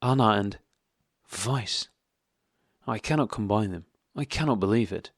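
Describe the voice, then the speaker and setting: A man's voice: on the low side, a little slow, no echo, clean studio sound. Man voicing a pleading distressed wife. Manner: pleading, emotional. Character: distressed loyal middle-aged wife.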